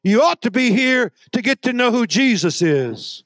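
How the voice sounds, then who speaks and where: High-voiced preacher, dry sound. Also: male voice, animated, measured pace, hardly any pauses, dry recording. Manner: swings from soft low storytelling to loud shouted exhortation. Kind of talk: sermon.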